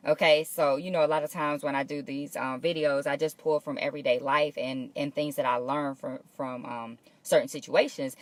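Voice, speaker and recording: A woman's voice: deep voice, dry recording. A woman hosting a live morning motivational show from her workplace, talking casually and encouragingly to viewers and greeting them by name.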